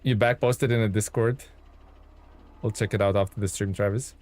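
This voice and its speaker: In a live gameplay stream of a truck game, a man speaks at a moderate pace with fairly even intonation and a darkish, fairly low voice. He chats with and thanks viewers, thinking out loud amid ums and chuckles.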